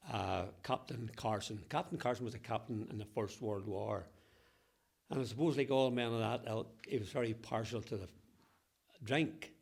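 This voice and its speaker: A man's voice: mid-range voice, creaky. A man in his eighties from Ballywalter with a Northern Irish accent, telling local stories from his childhood with frequent chuckles and broad local dialect. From Ballywalter, Northern Ireland. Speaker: local historian interviewee. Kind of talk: reminiscing storytelling.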